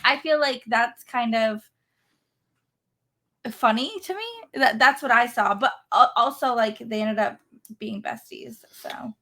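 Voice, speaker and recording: A young adult woman co-hosting a podcast in relaxed, conversational casual chat. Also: a little high, measured pace. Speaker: podcast co-host.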